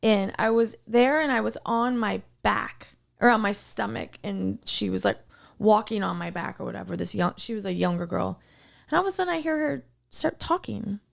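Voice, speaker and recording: Animated woman telling a story, gravelly edge. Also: mid-range voice, normal speed. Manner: animated storyteller acting out quoted exchanges. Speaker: podcast co-host. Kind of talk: casual podcast chat.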